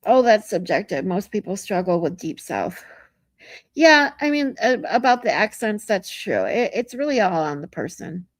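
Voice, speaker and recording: A woman's voice: medium pitch, sing-song, normal speed, no room sound. Frank, chatty woman livestream host. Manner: chatty, frank, swears casually, greets viewers. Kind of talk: casual chat reading viewer comments.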